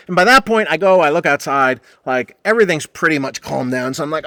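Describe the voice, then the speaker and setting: A man's voice: on the high side, expressive, brisk, gravelly, few pauses, sharp tone, dry recording. A man hosting a podcast who tells a rambling, profane story from behind the bar and acts out the people in it. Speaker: podcast host and bartender. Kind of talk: casual storytelling monologue.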